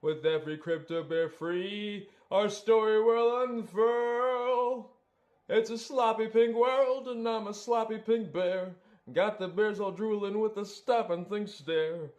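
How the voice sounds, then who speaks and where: A man's voice: high voice, steady tone, takes it slowly, darkish tone. A man voicing a cheerful sloppy pink male bear in a bouncy, sing-song rap. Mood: upbeat.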